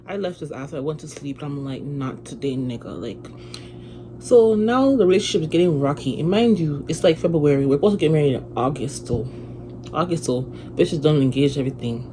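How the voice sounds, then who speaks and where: Young woman doing a storytime on her phone, kinda low voice, cussing a lot, noisy background. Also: brisk. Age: young adult. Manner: profane, animated, chatty retelling. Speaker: vlogger. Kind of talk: casual storytime vlog. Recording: noisy phone recording with room ambience.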